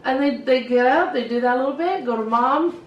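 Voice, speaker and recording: A middle-aged woman hairstylist telling stories in a casual, lively way and acting out what she said to the kids. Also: high voice, brisk, highs cut off. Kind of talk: casual storytelling to camera. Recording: echoey room, voice from some distance.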